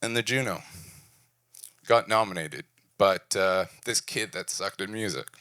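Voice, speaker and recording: A man in his forties from Prince Edward Island, Canada, tells a candid, self-deprecating personal story at a design event venue, speaking in short, punchy phrases. His low voice moves at a measured pace and sounds pushed and bright. The recording is dry, with clean studio sound.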